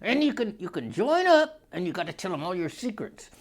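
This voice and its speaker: A man's voice: high-pitched, sing-song, a little fast. A man hosting a comedy vlog, delivering a crude, rambling monologue that keeps slipping into put-on voices and a drawl.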